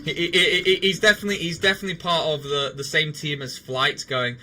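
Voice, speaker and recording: Bright, laughing young man. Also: on the high side, steady tone, quick pace, slight background noise. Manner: laughs often, loose rambling with restarts. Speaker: livestreamer. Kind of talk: casual chat while gaming.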